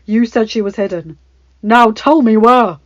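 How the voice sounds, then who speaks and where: A woman voicing a young prince in a storybook reading, stern and trying to stay calm, with a dry, muffled sound. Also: on the high side, measured pace, dry recording, lightly acted. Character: young prince, earnest and strained, commanding.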